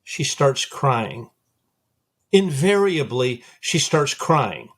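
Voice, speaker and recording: A man's voice: mid-range voice, sing-song, very slow, breathy edge. A man hosting a psychology podcast, telling a counseling story animatedly, repeating phrases for emphasis. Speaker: psychologist host. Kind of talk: conversational podcast interview.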